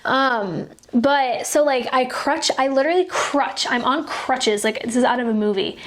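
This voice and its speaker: Earnest young woman, higher voice. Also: normal speed. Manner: chatty, filler-heavy, frequent 'like'; earnest and heartfelt. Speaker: podcast host. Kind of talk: casual faith-based storytelling.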